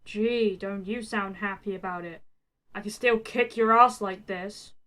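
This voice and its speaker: A woman voicing a gruff, foul-mouthed young male fighter who snarls sarcastic insults. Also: high-pitched, fairly even intonation, measured pace, sharp tone. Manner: snarling, sarcastic, swears constantly.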